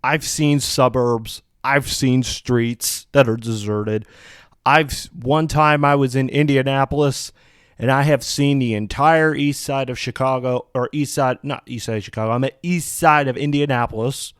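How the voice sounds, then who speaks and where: A man's voice: mid-range voice, moderate pace, a bit bright, clear, resonant tone, no echo, clean studio sound. A man hosting a solo podcast, reading out news and then ranting in a heated, profane, outspoken way, rambling with many restarts. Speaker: podcast host.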